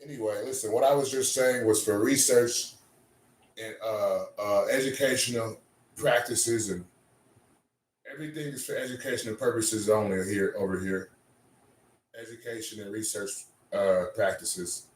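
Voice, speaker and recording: A man's voice: fairly low pitch, fairly even intonation, moderate pace, a little hiss or hum. A man doing rambling livestream banter, crude and trash-talking, answering his chat. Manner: sings off-key bursts of a ballad.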